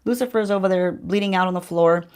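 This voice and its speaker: A woman's voice: fairly low pitch, fast talker, darkish tone, clear, resonant tone. A woman beauty vlogger chatting casually to her viewers while she does her makeup, asking them questions as she tells a story. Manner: chatty, addresses viewers directly, rhetorical questions. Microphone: handheld-range mic while holding a mirror.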